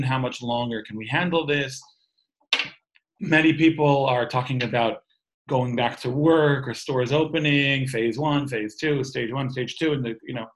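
A man around forty teaches a call-in class in an easygoing, conversational way. His voice sits at an ordinary middle pitch. He thinks aloud, restarts his sentences and drifts into personal stories. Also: rough recording. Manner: explains terms letter by letter, storytelling asides. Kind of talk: informal spiritual lecture.

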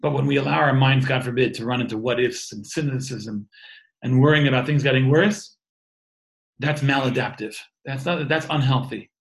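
A man's voice: medium pitch, moderate pace, gravelly, rough recording. Earnest man in his thirties teaching. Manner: earnest, repeats and restarts words. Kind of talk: informal talk on faith and wellbeing. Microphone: video call.

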